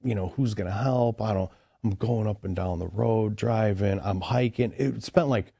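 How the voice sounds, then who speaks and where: A man's voice: on the low side, moderate pace, gravelly, dark tone, breathy edge, no room sound, clean studio sound. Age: adult. Sex: man. Style: rambling casual storyteller. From Chicago, USA. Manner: rambling, heavy use of "like" and "dude". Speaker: podcast guest.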